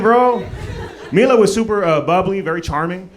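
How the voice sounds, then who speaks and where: A man's voice: fairly high pitch, animated, normal speed, background noise. A man from Maryland doing a stand-up comedy set on a club stage, loose and profane with lots of fillers. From Maryland, USA.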